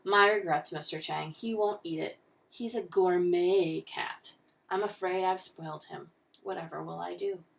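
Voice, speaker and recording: A woman's voice: on the low side, steady tone, moderate pace, gravelly, fairly bright tone, distant mic. A woman doing a prim, fretful man who frets over his pampered cat, read in a storybook voice. The sound sits a little back from the mic. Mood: apologetic.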